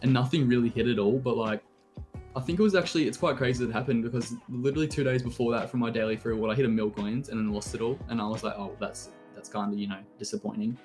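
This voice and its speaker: A man's voice: mid-range voice, very fast, soft background music. An eighteen-year-old man with an Australian accent, telling his story in casual, rambling chat. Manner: excited rambling storytelling with laughs. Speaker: interview guest.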